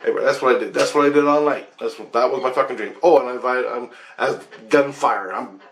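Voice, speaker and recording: A man's voice: medium pitch, fast talker. A man telling a rambling story about his dreams, profane and agitated. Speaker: vlogger.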